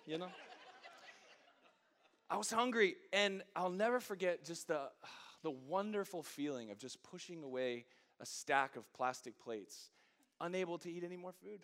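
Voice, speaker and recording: Bright-voiced man preaching with humor. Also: sits high, normal speed, long pauses. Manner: humorous storytelling building to fervent preaching. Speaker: pastor. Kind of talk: sermon.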